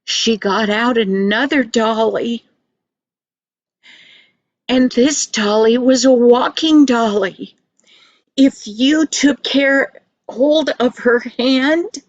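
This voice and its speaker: Older woman storyteller for children; gentle, sing-song, very slow, slightly high, dry recording. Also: no echo, highs cut off.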